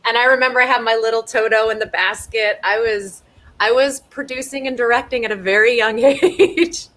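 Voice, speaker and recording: Bright, animated actress on a video call. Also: female voice, fairly high pitch, moderate pace. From Southern California. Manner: animated, playful, laughs often. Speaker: actress guest. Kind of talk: casual live interview chat. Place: home.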